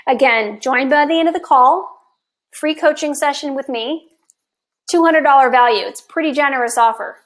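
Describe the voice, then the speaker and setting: Upbeat high-voiced woman coaching live. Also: moderate pace. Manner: enthusiastic, chatty, with occasional laughs. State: slightly hoarse from long talking. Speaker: health coach. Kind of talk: live-stream Q&A.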